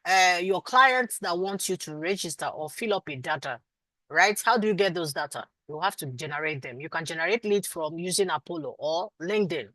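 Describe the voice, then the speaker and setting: Low-voiced Nigerian woman teaching online. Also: animated, a little fast, fairly bright tone, dry recording, rough recording. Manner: affectionate, calls students sweetie and my love; firm, insistent teacher. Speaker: instructor. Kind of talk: live online class Q&A.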